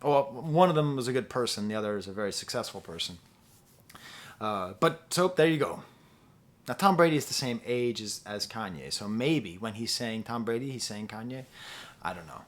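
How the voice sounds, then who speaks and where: A man's voice: mid-range voice, expressive, normal speed. A man giving a casual spoken album review, chatty and wry, now and then quoting lyrics in a sing-song voice. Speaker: music reviewer.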